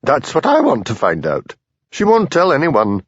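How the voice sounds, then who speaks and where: A man's voice: medium pitch, huge pitch swings, normal speed, slightly rough, no echo, pitched above the performer's own voice. A man voicing a large, tweedy minister's wife who talks in a bossy, hectoring way. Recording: dull dry lo-fi audio.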